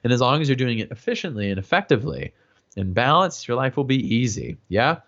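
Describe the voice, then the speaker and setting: Male vocal coach, casual and chatty, lively pitch swings, dull lo-fi stream sound. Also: a little fast. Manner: explains with many fillers, asks "yeah?" and "right?". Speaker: voice teacher. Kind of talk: casual teaching livestream. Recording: dull lo-fi livestream audio.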